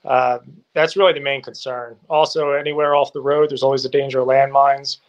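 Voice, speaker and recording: A man's voice: medium pitch, level tone, a little fast, lo-fi sound. A man answering interview questions from abroad, speaking in an assertive, analytical way. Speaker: guest reporting from a war zone. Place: remote from abroad.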